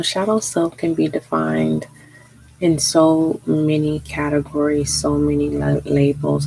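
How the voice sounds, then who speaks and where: A tarot reader giving a live spiritual reading, talking slowly and earnestly with frequent pauses and fillers. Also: medium pitch, gravelly, a little mellow, a little hiss or hum, rough recording. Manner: slow, hesitant, many pauses and fillers; earnest, encouraging.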